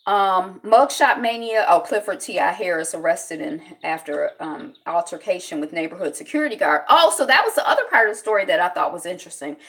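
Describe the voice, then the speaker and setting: A woman's voice: lowish voice, a little fast, few pauses, fairly bright tone. A woman hosting a casual solo commentary show, talking in a rambling, reflective way with many fillers and greeting viewers by name. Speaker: show host.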